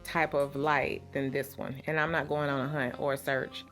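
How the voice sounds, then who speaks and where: Woman, low voice, shaky, dramatic storyteller, soft music behind. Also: normal speed. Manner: animated, dramatic storytelling with repeated phrases. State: shaken, voice trembling. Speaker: lifestyle vlogger. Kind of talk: casual vlog talk to viewers.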